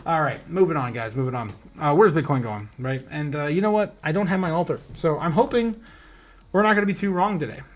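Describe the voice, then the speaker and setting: Male livestream host, slightly high voice, loose and rambling, chatty with viewers, quick to laugh. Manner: rambling, laughs often, talks to chat as "guys". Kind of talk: casual livestream chat, reading viewer comments.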